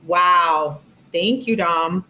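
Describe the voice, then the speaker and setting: A woman's voice: on the low side, drawn-out words, pushed and bright, slight background noise. A woman hosting a live stream, giving casual commentary in a sarcastic, mocking way and laughing often.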